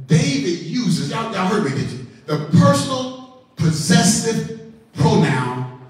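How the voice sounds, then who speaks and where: High, animated preacher man. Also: slow. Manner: animated preaching, repeats words, calls on congregants by name. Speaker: pastor. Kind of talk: sermon. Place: church sanctuary. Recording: echoey hall from far off, organ faint.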